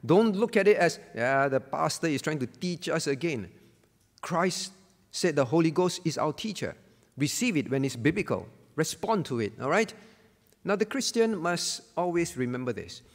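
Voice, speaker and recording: Emphatic pastor in a reverberant hall. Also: male voice, a little high. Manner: emphatic, repeats key phrases. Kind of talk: Bible lesson sermon.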